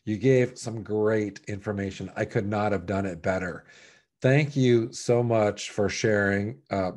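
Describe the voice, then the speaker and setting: A man hosting an interview, speaking softly and haltingly as he thanks his guest. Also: fairly low pitch. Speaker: host.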